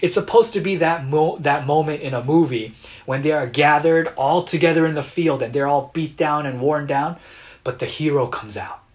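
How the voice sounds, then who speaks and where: A man preaching a sermon as a pastor, earnest and dramatic, acting out quotes with bursts of loud emotion. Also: fairly high pitch, normal speed. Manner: earnest, dramatic retellings with sudden loud outbursts.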